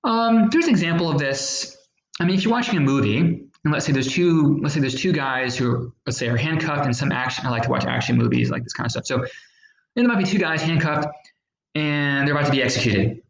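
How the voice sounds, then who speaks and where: A man's voice: on the high side, lively intonation, a little fast, a little hiss or hum. Man teaching a lesson in an echoey room. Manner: plain, patient explaining with fillers and acted-out examples. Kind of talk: recorded history lesson.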